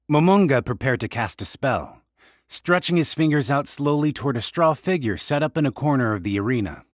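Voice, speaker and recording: Expressive male audiobook narrator. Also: mid-range voice, no room sound, clean studio sound.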